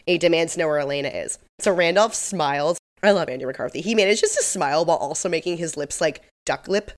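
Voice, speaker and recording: A woman's voice: sits low, fast talker. A woman co-hosting a podcast, chattily walking through a TV episode's plot with amused asides. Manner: chatty, frequent "like" fillers, amused. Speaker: podcast co-host. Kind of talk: casual episode recap chat.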